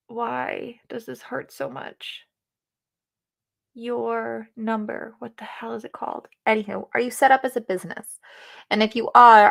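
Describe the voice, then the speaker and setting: A woman's voice: on the high side, creaky, a bit bright. A woman co-hosting a casual livestream, chatty, laughing and swearing easily. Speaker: co-host of a livestream.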